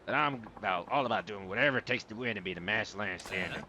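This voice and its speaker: A man's voice: on the low side, quick pace, sharp tone, a little hiss or hum. A man reading out the lines of a boastful, ruthless male billionaire gambling boss from a video game, in a taunting, cocky manner.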